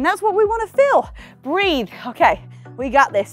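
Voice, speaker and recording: English woman coaching a workout, high bright voice, chatty and upbeat, faint music behind. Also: very animated, normal speed. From England. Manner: upbeat, laughing often, counting down reps. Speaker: fitness instructor. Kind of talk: leading a workout, chatty cues.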